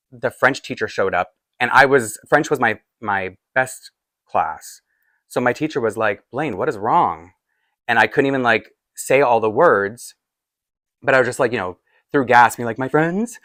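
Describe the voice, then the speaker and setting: A man's voice: fairly low pitch, fairly bright tone, no echo. A man in his forties telling a personal story in a casual, rambling way, with many fillers and restarts. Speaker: doll collector vlogger.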